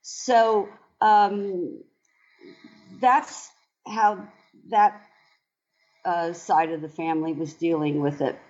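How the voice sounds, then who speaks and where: A woman in her sixties, a longtime dancer, telling her story in an interview in a reflective, halting way with many pauses and fillers. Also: fairly low pitch, fairly even intonation, darkish tone. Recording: dull lo-fi sound.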